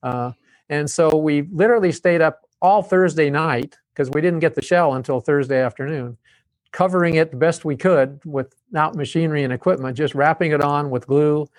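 A man's voice: fairly high pitch, normal speed, no echo. An older man, a guest on an interview show, telling a long story in a chatty way and slipping into the voices of the people he quotes. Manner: chatty, acts out quoted dialogue. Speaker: guest, drum company founder.

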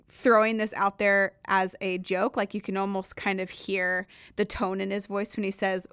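A woman at a middle pitch leads a devotional podcast, reading scripture aloud and then unpacking it. She talks in an earnest, conversational way and leans hard on key words. Her voice sounds dry and close, with no room around it. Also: fairly bright tone, smooth, dry recording. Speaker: podcast host. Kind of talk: devotional Bible reading and teaching.

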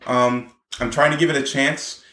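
A lively man co-hosts a casual podcast at a moderate pace, his voice at a middle pitch, and he bursts into quoted lines with raised voices. The room around him is somewhat reverberant.

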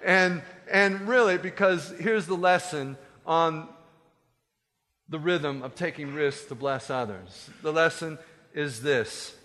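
Bright-voiced animated preaching man. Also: on the high side, takes it slowly, big-room sound. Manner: animated, conversational, joking asides. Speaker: pastor. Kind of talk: sermon.

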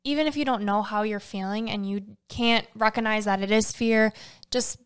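Woman podcast cohost, smooth voice, upbeat and encouraging, giving advice. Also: mid-range voice, steady tone, normal speed. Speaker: podcast co-host. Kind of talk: casual chat.

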